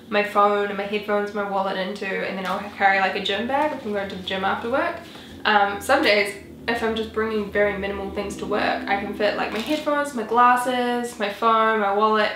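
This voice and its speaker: A woman's voice: medium pitch, fairly bright tone, roomy sound, a little hiss or hum. A woman in her twenties, chatting casually as a vlogger, rambling with lots of "like" and "um". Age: 20s. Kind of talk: casual chat.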